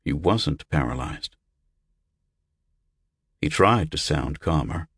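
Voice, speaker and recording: Male audiobook narrator, deep and unhurried, close dry mic. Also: lively intonation, a bit bright, breathy edge, no room sound.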